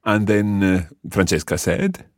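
A man's voice: lowish voice, steady tone, unhurried, no room sound, clean studio sound. A man teaching a language lesson, patiently explaining step by step and quizzing the learner.

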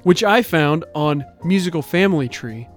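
Radio co-host dude, dry deadpan delivery, a bit high voice, faint music bed. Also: male voice, moderate pace. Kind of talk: casual radio chat. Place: radio studio.

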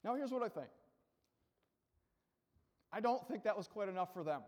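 A man's voice: sits high, expressive, normal speed, long pauses, darkish tone. A male pastor preaching a casual, joking sermon, acting out the scene as he tells it. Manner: casual, joking storyteller who acts out the scene. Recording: long hall reverb.

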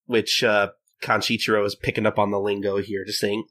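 A man's voice: fairly low pitch, flat delivery, moderate pace, a bit bright. A man hosting a casual podcast chat, rambling with many restarts and acting out lines. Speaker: podcast host.

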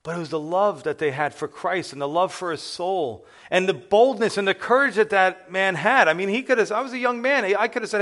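A middle-aged man, a pastor, preaching a sermon as an animated personal testimony that acts out the voices of the people in his story. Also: sits high, normal speed.

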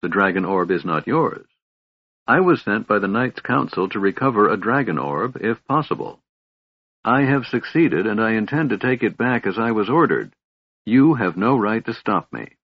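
A man's voice: fairly low pitch, lively intonation, normal speed, slightly rough. A man voicing a proud human knight who speaks in a cold, formal, unbending way. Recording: dull, lo-fi audiobook recording.

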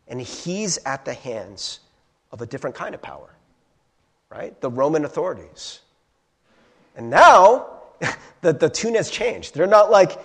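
A man preaching a sermon as a pastor, animated, acting out crowd voices and asking rhetorical questions. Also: high voice, breathy edge.

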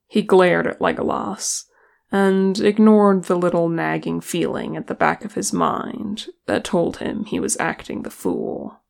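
A reader narrating a fan fiction audiobook in a slow, even storytelling manner. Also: medium pitch, creaky.

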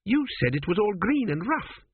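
A man voicing a haughty young woman, high-pitched. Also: very animated, normal speed, slightly rough, dry recording, heavily acted. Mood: disapproving. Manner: high, sniffy and critical. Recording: dry, phone-like narrow sound.

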